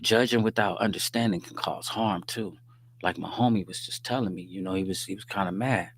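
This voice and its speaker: A man's voice: low voice, fairly quick, slightly rough. A man hosting a faith-based livestream, talking in a loose, preachy way with street slang and joking asides, often checking in with listeners. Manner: conversational and preachy, often asks "you dig what I'm saying". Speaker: livestream host. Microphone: livestream microphone.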